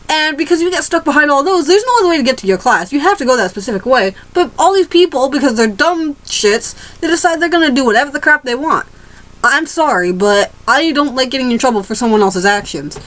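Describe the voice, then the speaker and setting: A teenage girl vents to her camera with a fairly high voice. She rambles and restarts her sentences often. She swears casually as she goes. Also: expressive, quick pace, a bit bright, low-quality recording. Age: teens. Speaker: vlogger. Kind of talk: ranting casual monologue.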